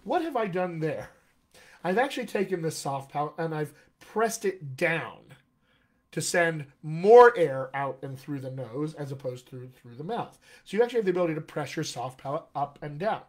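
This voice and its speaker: A man's voice: on the high side, expressive, normal speed. A man teaching a live online lesson as a dialect coach, chatty and upbeat, with frequent check-ins to his viewers.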